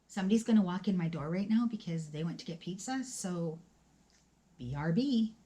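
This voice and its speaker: A woman's voice: lowish voice, lively intonation, normal speed, mellow. A middle-aged woman telling a personal story to her viewers from home in a casual storytime vlog. She talks in a chatty, emphatic way and speaks straight to her audience.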